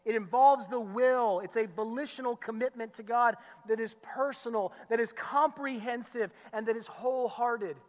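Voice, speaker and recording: A male pastor preaching an expository sermon, emphatic, repeating key phrases and swinging from loud declarations to low, quiet asides. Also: moderate pace, few pauses. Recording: muffled sound with long hall reverb.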